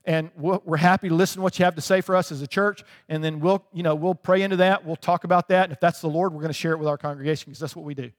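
High-voiced man preaching in a reverberant hall. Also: steady tone, racing, hardly any pauses. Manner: conversational preaching with frequent "right?" asides. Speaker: pastor. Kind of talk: sermon.

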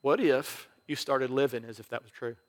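A pastor giving a sermon in an easygoing conversational way, often dropping to a soft hush and laughing as he goes. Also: mid-range voice, fairly even intonation, normal speed. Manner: acts out prayers in quiet voices, laughs often. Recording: long hall reverb.

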